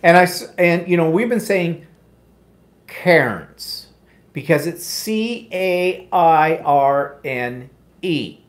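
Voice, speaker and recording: A man's voice: on the high side, lively intonation, slow pace. A middle-aged man with an Ontario Canadian accent, co-hosting a casual live chat in a wry, self-deprecating way. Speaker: co-host.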